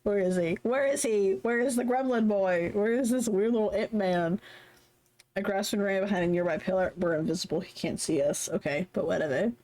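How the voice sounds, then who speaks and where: A woman streaming a story game live, reading its text aloud and chatting in an animated, giggly way, swearing casually. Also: medium pitch, fairly quick.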